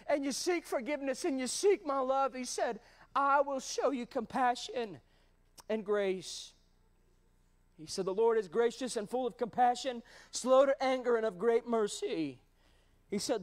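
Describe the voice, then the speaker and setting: High-voiced fervent male preacher. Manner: fervent, shouting at peaks, addresses the congregation as church. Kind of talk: sermon. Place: church sanctuary.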